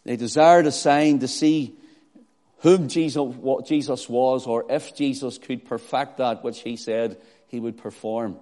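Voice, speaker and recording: A man preaching a sermon, rising from quiet prayer into loud, emphatic delivery. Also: mid-range voice, fairly even intonation, measured pace. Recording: long hall reverb.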